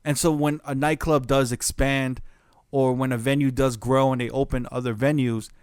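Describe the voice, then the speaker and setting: A man co-hosting a podcast in relaxed, jokey chat. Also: mid-range voice, normal speed, clean tone, no echo, studio quality. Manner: relaxed, jokey, quotes people in voices. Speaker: podcast co-host.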